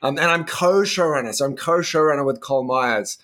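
A man's voice: a little high, brisk, fairly bright tone. A man from New Zealand with a New Zealand accent, a guest director talking in a friendly, easygoing way. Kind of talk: casual interview.

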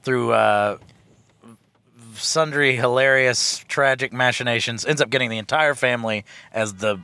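Deadpan man with dry crude jokes. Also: mid-range voice, unhurried, smooth, no echo. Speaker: podcast co-host. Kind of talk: casual comedic chat.

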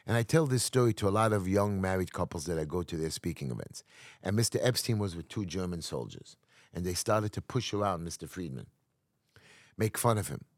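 A man's voice: sits low, breathy edge, dry recording, clean studio sound. A man, a community activist guest telling a story dramatically in an interview, emphatic and acting out quotes. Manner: emphatic, acts out quotes, restarts often.

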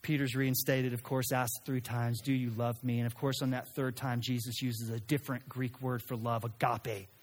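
A man preaching a sermon in an animated way, acting out quoted lines and sometimes restarting his sentences. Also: medium pitch, normal speed, hardly any pauses, a little hiss or hum. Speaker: pastor.

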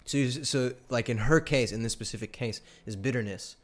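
A young man co-hosting a casual faith talk, animated as he tells stories and acts out quoted exchanges. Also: mid-range voice, brisk. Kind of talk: casual chat. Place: live stream studio.

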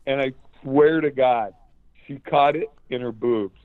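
A man's voice: mid-range voice, unhurried, no room sound. Man on a tinny phone line, swearing. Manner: excitable, swears often. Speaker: guest musician. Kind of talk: casual storytelling.

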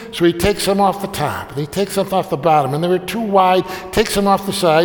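Older guy preaching, telling a folksy family story, kinda high voice, long echo like a big hall. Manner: folksy, anecdotal, slips into family members' voices. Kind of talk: storytelling sermon.

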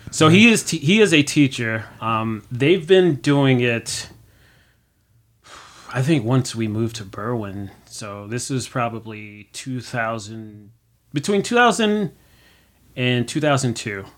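A man's voice: mid-range voice, expressive, slow, a bit bright. Young man, casual guest, rambling storyteller, fills with "like" and "uh", acts out quotes. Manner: rambling, many fillers, acts out his own quotes. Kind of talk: casual chat.

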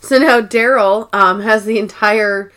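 A woman's voice: mid-range voice, steady tone, a little slow, fairly bright tone, clean tone. A young woman co-hosting a podcast, recapping episodes in casual, chatty talk full of "like" and "um", with the odd swear. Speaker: podcast co-host.

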